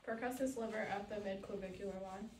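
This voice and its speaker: A woman's voice: mid-range voice, steady tone, a little fast, a little mellow. A woman reading items from an exam checklist aloud to an instructor, in a plain, matter-of-fact way. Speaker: student reading exam steps. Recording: roomy, distant mic with faint noise.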